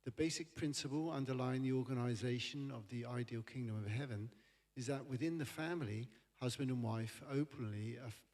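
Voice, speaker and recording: A man's voice: mid-range voice, a little fast, few pauses, a little mellow. A man volunteering to read a passage aloud at a church service. He reads steadily and carefully, with small stumbles. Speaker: volunteer reader. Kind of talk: reading a text aloud.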